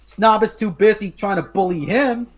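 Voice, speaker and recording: A man's voice: sits high, moderate pace. A man hosting a casual online chat with a friend, talking hesitantly and often restarting his sentences. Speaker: host.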